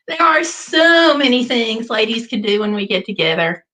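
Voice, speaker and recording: This middle-aged American woman hosts a casual livestream, reading viewer comments aloud and cracking corny jokes in a playful, chatty way. Her voice sits a little high with big swings in pitch, pushed and bright, at a measured pace. The audio is poor.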